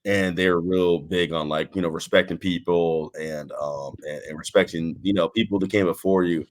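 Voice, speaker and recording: A man from Texas chats as an interview guest in a low-pitched voice. He talks loosely, restarting sentences and trailing off, relaxed and unhurried. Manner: laid-back, rambling with restarts and laughs. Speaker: wrestling guest. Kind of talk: casual interview chat.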